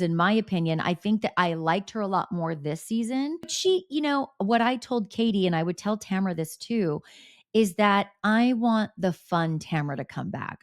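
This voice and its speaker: Candid, animated woman podcaster. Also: medium pitch, no echo, studio quality. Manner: animated, candid storytelling with swearing. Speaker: podcast host. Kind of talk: casual gossip chat.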